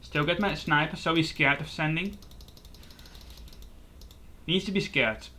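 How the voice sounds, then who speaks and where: A man giving casual live commentary over his own gameplay, excitable and quick to swear and laugh at his plays. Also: on the high side. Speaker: gaming YouTuber.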